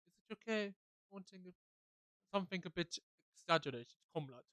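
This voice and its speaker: A woman's voice: on the low side, expressive, fairly quick, a bit bright, no echo. A woman voicing a mermaid girl customer in a video game, putting on an exaggerated mock Russian accent. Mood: hammy. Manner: exaggerated, hammy.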